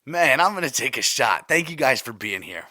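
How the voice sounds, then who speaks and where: A man's voice: mid-range voice, sing-song, normal speed, sharp tone, dry recording, studio quality. Worked-up man ranting on a podcast. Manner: worked up, rambling and exasperated. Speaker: podcast host. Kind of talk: solo podcast rant.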